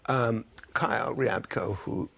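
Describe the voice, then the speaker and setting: A man in his eighties, a guest on a chat show, talking haltingly with many pauses to find his words. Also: medium pitch, a bit bright. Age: 80s. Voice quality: gravelly, husky. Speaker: guest songwriter. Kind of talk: casual chat show interview.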